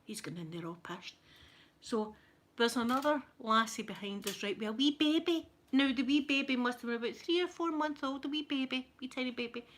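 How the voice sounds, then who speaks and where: Middle-aged Glaswegian woman, ASMR storyteller; chatty and animated, pitched a little high. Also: brisk. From Scotland. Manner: chatty, animated, laughing anecdotes. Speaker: ASMR channel host.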